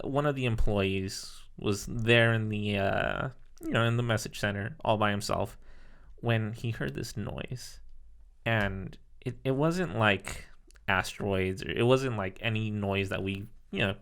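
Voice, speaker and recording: A man's voice: fairly low pitch, slow pace, vocal fry, fairly bright tone, smooth. A man co-hosting a casual podcast, telling a story in a rambling way with many fillers. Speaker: podcast co-host. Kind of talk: casual chat.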